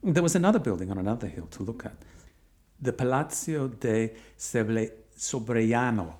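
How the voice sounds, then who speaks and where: A man's voice: medium pitch, lively intonation, normal speed, darkish tone. A middle-aged man narrating his own long walk in a reflective way with dry, wry humour. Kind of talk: personal travel narration.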